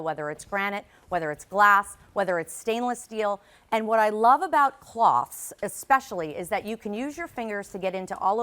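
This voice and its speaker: A woman's voice: medium pitch, a bit bright. A woman guest on a live shopping show, enthusiastically demonstrating her products. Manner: enthusiastic, gushing. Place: TV studio.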